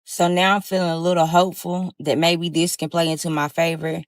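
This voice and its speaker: A young woman tells her story in a lively, animated way, often turning to the audience with y'all. Her voice sits a little low. The recording is dry and close. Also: fairly quick, no room sound. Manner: animated, addresses listeners as y'all. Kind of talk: story time monologue.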